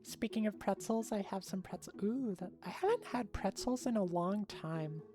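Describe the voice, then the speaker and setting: A woman's voice: medium pitch, lively intonation, normal speed, over music. A young woman streaming live, chatting casually with her viewers in a bubbly way and laughing often.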